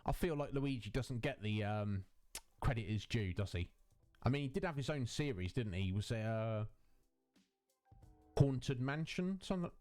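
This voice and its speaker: A man's voice: medium pitch, lively intonation, moderate pace, long pauses, darkish tone, faint music behind. Chatty male streamer on a headset. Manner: chatty, answers viewers' chat messages, rambling asides. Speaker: Twitch streamer and host. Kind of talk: casual live-stream chat.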